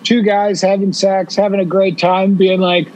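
A man's voice: sits high, flat delivery, normal speed, darkish tone, highs cut off. A man chatting as a guest on a comedy podcast, playful and riffing. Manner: playful, slips into mock characters. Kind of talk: casual comedic banter.

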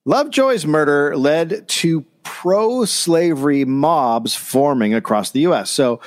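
A man's voice: a little high, expressive, slow pace. A man co-hosting a comedy history podcast, reading from notes and adding dry, sarcastic asides. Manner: reads notes, then riffs with dry sarcasm.

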